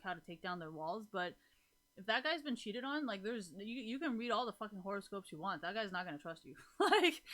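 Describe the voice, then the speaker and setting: Woman, bright tense voice, casual streamer chat, rambling, swearing, lots of fillers. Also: medium pitch. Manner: rambling, swears freely, many fillers, laughs often. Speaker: live streamer chatting with viewers.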